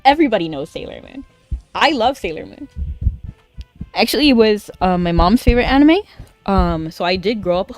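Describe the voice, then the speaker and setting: A woman's voice: mid-range voice, animated, moderate pace, long pauses, a little mellow, no echo, soft background music. Chatty young woman streaming a game. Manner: chatty and rambling, with frequent filler "like". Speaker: VTuber streamer. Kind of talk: casual gaming stream chat.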